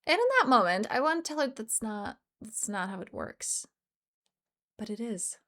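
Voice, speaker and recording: A woman's voice: a little high, expressive, normal speed, fairly bright tone. A woman life coach telling a personal story in an earnest motivational talk, acting out bits of dialogue. English is not her first language.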